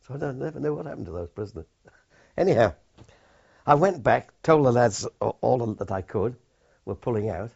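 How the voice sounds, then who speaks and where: An older man, a war veteran, recalling his experiences in a plain, halting way with many restarts. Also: mid-range voice, lively intonation, creaky, a little mellow, breathy edge. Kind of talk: oral history recollection. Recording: dull lo-fi recording.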